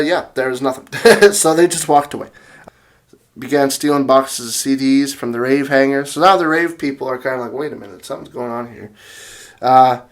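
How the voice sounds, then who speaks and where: Young male host, fairly high voice, rambling, excitable, casual retelling with lots of fillers. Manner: rambling with many restarts and fillers, laughs often; excitable, reads out quotes from notes. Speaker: music channel host. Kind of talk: casual video commentary retelling events.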